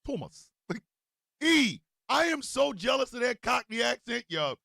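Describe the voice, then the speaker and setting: A male show host with a mix of New Jersey and Missouri accents who gives a loud, profane political rant, with bursts of shouting. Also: very high-pitched, big pitch swings, a little slow, gravelly, no echo, studio quality.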